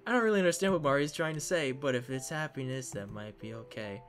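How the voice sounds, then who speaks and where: A man's voice: mid-range voice, fast, a bit bright, faint music behind. A man reading a visual novel aloud in a dramatic way, slipping in joking asides. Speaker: game narrator.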